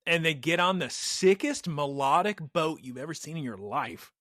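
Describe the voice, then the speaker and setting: A man with a high, bright voice recaps a cartoon episode for his co-hosts, building it up with animated storytelling. The sound is close and dry, with no room around it. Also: normal speed, no echo. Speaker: podcast host recapping an episode. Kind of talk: casual chat.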